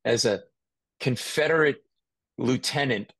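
A man hosting a podcast, telling lively stories in casual chat, laughing often and mimicking voices. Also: medium pitch, unhurried, creaky, husky, no echo. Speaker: podcast host.

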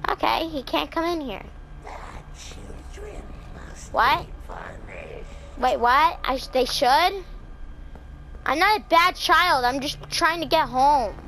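A woman with a high, bright voice narrates her horror game run, swooping all over her range. She talks to herself and to the characters on screen, breaking into screams when something startles her. A faint hiss sits under the recording. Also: slow pace, pauses often, poor audio. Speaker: gaming channel host. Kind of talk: let's play commentary.

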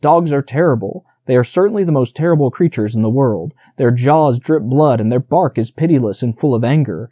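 A man's voice: mid-range voice, brisk, hardly any pauses, dark tone, slightly rough, no echo, close to an everyday voice. A man reading the part of a proud young male deer who boasts about his time with people, in an audiobook. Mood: boastful.

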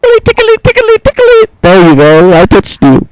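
A woman voicing a whiny, taunting male suspect in a crime game role-play, loud and distorted. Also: medium pitch, wildly swooping pitch, normal speed, a crowd in the background, pitched below the performer's own voice. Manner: pleading then mocking, childish taunts.

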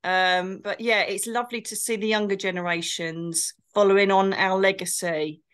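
A chatty woman in a mid-range voice, rambling warmly from one anecdote to the next. She co-hosts a casual talk show in a loose storytelling way. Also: mid-range voice, fairly even intonation, normal speed, clear, resonant tone. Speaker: co-host and spiritual medium.

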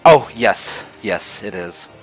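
A man's voice: on the low side, animated, slow pace, faint music behind. A man narrating his strategy game run in casual let's play commentary, swearing, trash-talking enemy units and laughing at his own jokes. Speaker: gamer.

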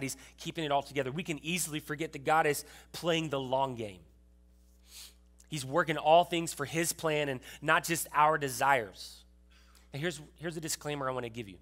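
Speaking at normal speed in a slightly high, sharp voice, a pastor delivers a conversational sermon. He often restarts his sentences and turns to the congregation with asides.

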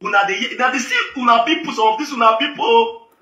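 A man's voice: very high voice, very animated, a little fast, bright, forceful tone, distant mic. A man complaining in a shared video clip, aggrieved and repeating himself. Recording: echoey room.

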